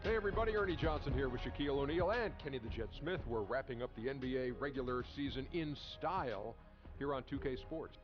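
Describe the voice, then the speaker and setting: A man voicing an upbeat studio host in a basketball video game, presenting briskly. The sound is dull and lo-fi, with loud music underneath. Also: medium pitch, animated, lightly acted. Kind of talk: scripted sports studio hosting.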